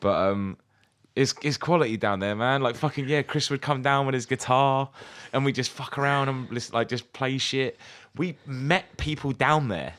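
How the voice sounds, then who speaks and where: Young podcast co-host, tipsy and rambling, easygoing chat with plenty of swearing, ordinary mid-pitched voice. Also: male voice, normal speed, a bit bright. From England. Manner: rambling, sweary, laughing often. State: drunk. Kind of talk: casual chat.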